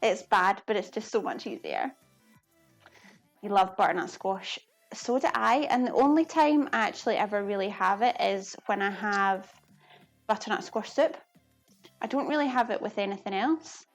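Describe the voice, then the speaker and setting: A woman's voice: medium pitch, lively intonation, normal speed, faint music behind. A woman with a Glasgow-area Scottish accent, chatting casually while cooking and reading comments, laughing often at herself. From Scotland. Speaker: live cooking streamer.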